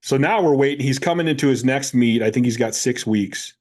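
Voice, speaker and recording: A man in his fifties, a powerlifting coach, talks casually on a podcast. He tells stories with energy and acts out both voices in the conversations he recounts, in a voice of ordinary pitch for a man. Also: fairly quick. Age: 50s. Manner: animated storyteller who acts out both sides of conversations.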